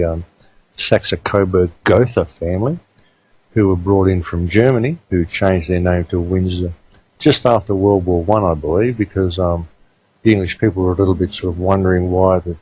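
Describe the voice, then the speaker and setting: A man's voice: sits low, breathy edge, muffled recording. A man with an Australian accent hosting a talk radio show, speaking emphatically to his listeners. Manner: emphatic, addresses listeners as folks.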